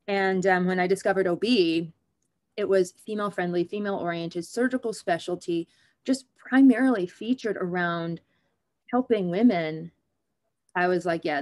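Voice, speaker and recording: Frank, lively woman doctor guest. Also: mid-range voice. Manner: frank, animated and joking. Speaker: OB/GYN guest. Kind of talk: conversational interview.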